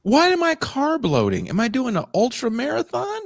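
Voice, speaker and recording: A man's voice: very high-pitched, huge pitch swings, normal speed, few pauses, no room sound, clean studio sound. A man with a Californian accent, co-hosting a casual podcast chat and ranting with profane mock outrage. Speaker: podcast co-host.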